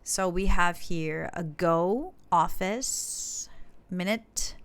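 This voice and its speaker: Indonesian-accented lady teacher explaining english, slow and patient, lotta ums, bright voice. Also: lowish voice, clean tone. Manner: patient, explains step by step with frequent "um" fillers. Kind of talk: classroom instruction.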